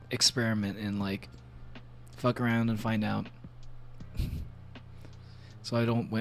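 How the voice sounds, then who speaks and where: A man's voice: mid-range voice, a little hiss or hum. A man chatting casually on a game stream, rambling with many fillers and frequent laughs. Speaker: VTuber streamer.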